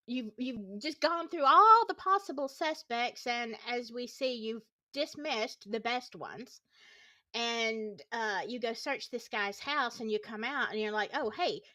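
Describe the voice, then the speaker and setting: A woman talking casually to her livestream viewers, her high voice swinging widely between notes as she gets heated. She sounds worn out but opinionated, tossing in sarcastic asides. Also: bright, forceful tone. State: tired. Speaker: YouTube true-crime commentator.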